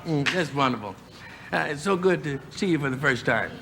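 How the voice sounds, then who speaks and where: A man telling preacher stories on stage in an easygoing, halting way with many pauses. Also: a little high, expressive. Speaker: stand-up comedian. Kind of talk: live storytelling stand-up. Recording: noisy live club recording.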